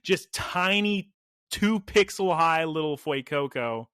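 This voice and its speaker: A man co-hosting a podcast, recapping an episode in animated, rambling casual chat and laughing often. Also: fairly high pitch, takes it slowly, smooth, no room sound, clean studio sound. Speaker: podcast co-host.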